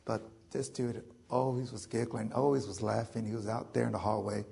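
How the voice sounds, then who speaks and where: Gravelly, very raspy low-voiced man. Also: little pitch movement, a little fast, mellow. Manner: joking, loose, heavy with fillers. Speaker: veteran speaker. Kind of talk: storytelling talk to an audience.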